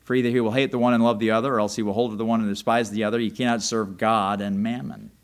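A man preaching a sermon, swinging from quiet, low asides to loud emphatic calls, joking and putting rhetorical questions to the congregation. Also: level tone, fast. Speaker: pastor.

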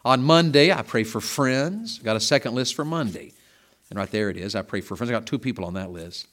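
A middle-aged man, preaching a sermon in a folksy, conversational way, with loud bursts of emphasis. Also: mid-range voice, expressive, fairly quick.

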